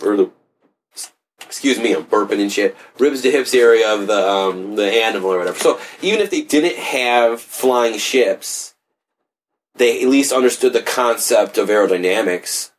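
A man's voice: lowish voice, moderate pace. A man in casual conversation, rambling loosely with lots of fillers and offhand swearing.

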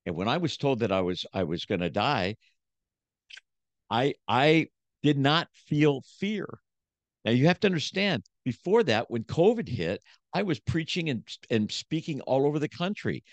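A man's voice: mid-range voice, sing-song, moderate pace, no echo. A man who is a motivational speaker and preacher, telling his story in a casual podcast interview with emphatic, repetitive phrasing.

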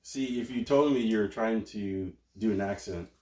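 A man's voice: lowish voice, measured pace, a little mellow. A man co-hosting a podcast in casual chat, teasing his friend with dry banter. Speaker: podcast co-host. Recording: echoey room.

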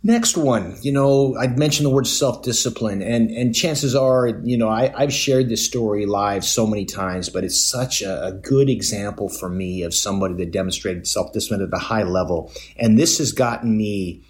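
A man's voice: fairly low pitch, moderate pace, hardly any pauses. A middle-aged man hosting a podcast, telling personal stories in a casual, rambling way, with lots of fillers and restarts and a self-mocking tone. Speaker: podcast host. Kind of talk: casual storytelling monologue.

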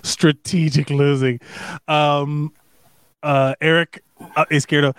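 A man's voice: fairly high pitch, unhurried, a bit bright, dry recording, clean studio sound. A man co-hosting a podcast in casual, rambling chat, swearing and joking as he reads comments. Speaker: podcast co-host.

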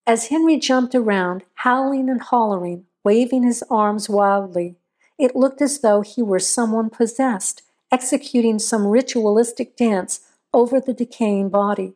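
A woman reading a scripted horror story aloud in a measured, steady storytelling voice. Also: fairly high pitch. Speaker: narrator.

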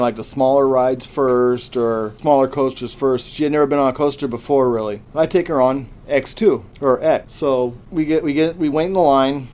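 A man on a podcast, a former theme park worker, telling stories casually and animatedly and stressing his points by repeating them. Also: medium pitch. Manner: animated storyteller who acts out quoted voices; emphatic and repetitive when making a point.

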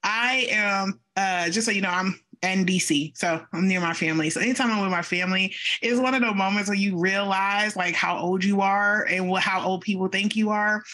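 A woman co-hosting a podcast, telling a playful story in a lively, casual way and talking straight to the listeners. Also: mid-range voice. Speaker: podcast co-host. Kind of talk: casual chat, animated storytelling.

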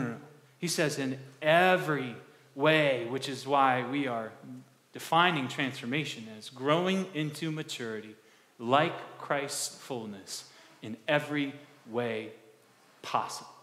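A male pastor preaching a conversational sermon, asking the congregation questions and restarting words in quick bursts. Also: fairly high pitch, bright, forceful tone. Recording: echoey hall with long reverb.

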